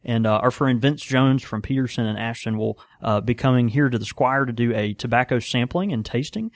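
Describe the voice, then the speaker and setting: A man, co-hosting a casual talk show from a small pipe shop, relaxed and chuckling, with lots of fillers and restarts. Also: medium pitch, a little fast, dry recording, studio quality. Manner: laid-back, chuckling, many fillers and restarts. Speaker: podcast co-host and pipe shop worker. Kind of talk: casual chat.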